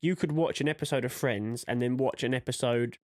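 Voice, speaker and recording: A man in casual podcast chat, rambling along and putting on little voices when he quotes someone. His voice sits at an ordinary pitch. The sound is dry, with no room echo. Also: a little fast, darkish tone. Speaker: podcast co-host.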